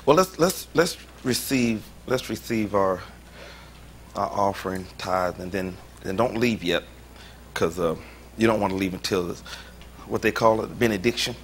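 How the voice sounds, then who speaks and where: A man's voice: lowish voice, normal speed, a little hiss or hum. A pastor preaching a sermon in a joking, informal way, often laughing as he talks. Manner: informal, colloquial speech.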